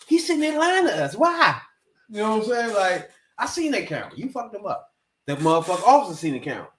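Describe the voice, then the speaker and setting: Animated DC man, high lively voice. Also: fast talker. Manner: animated, profane street slang, laughs often. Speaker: podcast host. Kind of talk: casual chat. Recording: roomy echo.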